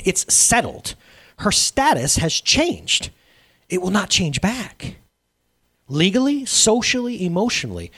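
A male pastor preaching a sermon in an energetic, emphatic, conversational way. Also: sits high.

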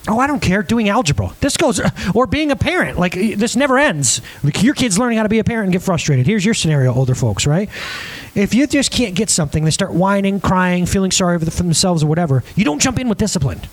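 A man delivers a lively sermon to a live audience. His voice sits high and swings widely as he acts out everyday moments and keeps turning to the listeners with quick questions. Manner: animated, acts out scenes in different voices; chatty, asks the crowd questions.

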